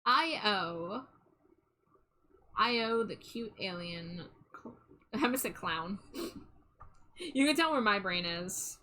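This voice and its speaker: Bright-voiced woman chatting while she draws. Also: medium pitch, lively intonation, slow pace, pauses often, poor audio. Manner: chatty, self-deprecating, trailing off. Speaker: streamer. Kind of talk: casual live-stream chat while drawing.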